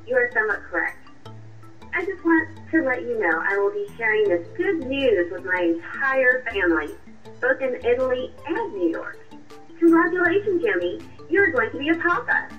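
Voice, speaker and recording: A woman voicing a sharp, confrontational young girlfriend in a radio drama, with a cutting, accusing way of talking. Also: high voice. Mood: triumphant. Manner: cutting, accusing, coolly triumphant. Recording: muffled distant voice with music.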